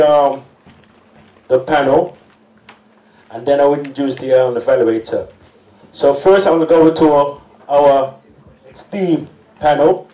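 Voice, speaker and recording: A man co-hosting a community event, loudly and playfully rousing the audience. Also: fairly high pitch. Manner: loud, jokey crowd-rousing. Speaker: co-host. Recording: echoey hall, crowd noise, distant.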